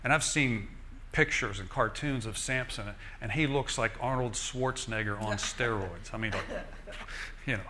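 A man preaching a sermon in a lively, folksy way, joking and asking the crowd "Amen?". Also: lowish voice, normal speed, slight background noise.

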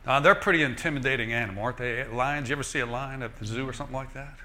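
A man preaching a sermon in a lively, folksy way, joking and asking the crowd "Amen?". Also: medium pitch, racing.

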